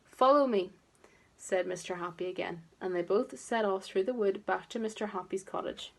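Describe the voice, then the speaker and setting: A woman teacher reading a picture book aloud to toddlers, expressive and gently coaxing. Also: medium pitch, brisk, gravelly, slight background noise. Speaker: preschool teacher.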